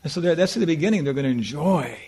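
A man's voice: a little high, lively intonation, quick pace, a little mellow, slight background noise. A man giving an informal scripture talk and taking questions, rambling and chuckling with lots of "you know". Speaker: spiritual teacher.

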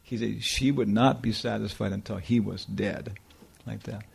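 Gravelly, husky spiritual teacher, rambling. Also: male voice, on the low side, steady tone, moderate pace. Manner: rambling, full of "you know" and chuckles. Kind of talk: informal scripture talk with Q&A.

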